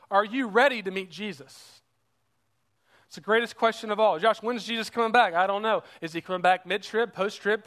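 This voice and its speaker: A man's voice: high-pitched, pushed and bright. A man preaching a sermon as pastor, earnest and urging, repeating rhetorical questions to the congregation.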